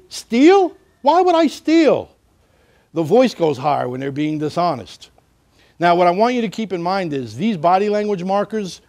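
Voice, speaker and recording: A middle-aged man teaches as a security trainer in a lively, animated way, slipping into short bits of example dialogue. His voice sits a little higher than most men's. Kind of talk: instructional talk.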